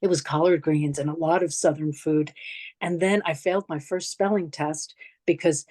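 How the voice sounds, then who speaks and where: Her voice sits low, steady and mellow, at a moderate pace with no echo. She's a middle-aged New Yorker with the accent to match, delivering a memorial lecture through reflective personal stories and slides in a conversational style full of restarts and asides.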